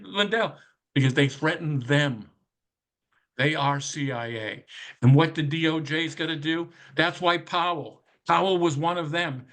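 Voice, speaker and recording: High, bright-voiced ranting man. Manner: profane, rapid-fire rhetorical questions; conspiratorial, sardonic. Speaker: podcast commentator. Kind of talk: casual ranting commentary.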